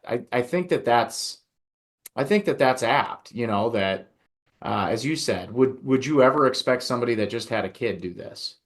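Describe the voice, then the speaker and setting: A man's voice: medium pitch, lively intonation, normal speed. A male podcast host who asks questions and tells stories in a casual, rambling way. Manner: conversational, storytelling, many fillers.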